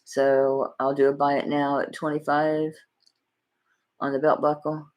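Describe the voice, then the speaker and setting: A woman's voice: low voice, flat delivery, a little slow, a little mellow. A middle-aged woman with a Southern accent, chatting folksily with viewers by name while selling jewelry on a live stream. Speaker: jewelry auction seller. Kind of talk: live-stream sales chat.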